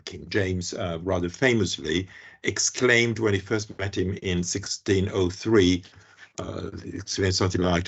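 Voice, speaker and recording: Gravelly Italian-accented male lecturer. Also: low voice, moderate pace, highs cut off. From Italy. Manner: hesitant, many fillers and restarts. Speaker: guest lecturer. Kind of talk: academic seminar lecture.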